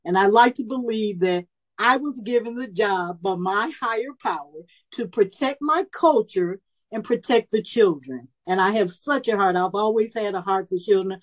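A woman of about seventy telling a personal story at a recovery meeting, lively and animated, acting out the voices she quotes. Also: mid-range voice, normal speed, poor audio. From Chicago area. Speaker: speaker sharing her story at a recovery meeting.

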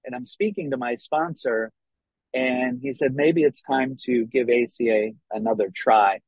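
A man telling his own recovery story in an earnest, halting way, often restarting his sentences. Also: mid-range voice, darkish tone, slightly rough, dry recording. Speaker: person sharing a recovery story. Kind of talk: personal testimony. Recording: dull, dry lo-fi recording.

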